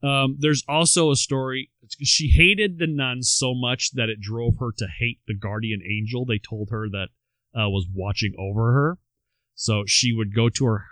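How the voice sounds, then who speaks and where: A man's voice: medium pitch, a bit bright, dry recording. A man co-hosting a podcast, telling a life story and reading quotes aloud, with wry asides between them. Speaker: podcast co-host. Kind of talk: storytelling chat.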